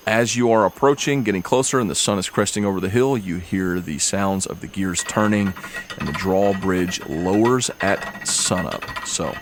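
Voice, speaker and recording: A man running a tabletop game as game master, narrating in a relaxed, easygoing way with fillers. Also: low-pitched, moderate pace, a little hiss or hum.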